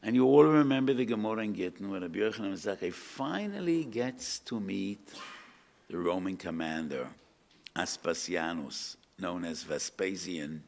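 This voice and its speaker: A man's voice: low-pitched, expressive, moderate pace, gravelly, a little mellow. An older man giving a rabbinic lecture, telling stories, quoting Hebrew texts and asking his listeners questions. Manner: storytelling, asks the audience questions, mixes in Hebrew quotes. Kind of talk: lecture to an audience.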